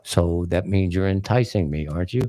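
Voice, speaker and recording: A man's voice: low voice, moderate pace, warm tone. A man hosting talk radio, delivering a rambling, folksy and opinionated monologue in a blunt manner. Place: small radio studio. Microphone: studio microphone.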